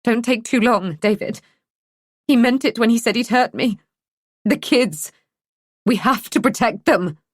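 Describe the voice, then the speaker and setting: A woman's voice: a little high, a little slow, long pauses, dry recording, studio quality, pitched above the performer's own voice. A woman reading an audiobook, voicing a frightened middle-aged mother who speaks urgently with a rising, shaky voice. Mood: pleading.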